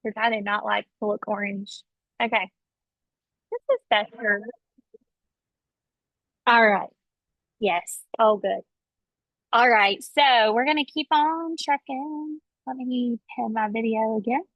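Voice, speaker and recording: A woman's voice: fairly high pitch, slow, long pauses, no room sound. Chatty woman coaching over a video call. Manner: chatty, animated, enthusiastic. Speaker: sales team leader hosting a video call. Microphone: video call, webcam. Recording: dull lo-fi call audio, dry.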